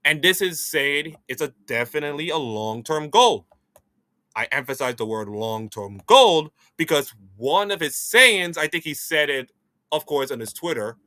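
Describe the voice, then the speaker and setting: A man hosting an esports news show, giving opinionated commentary in a rambling, animated way with frequent restarts. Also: a little high, moderate pace, dry recording.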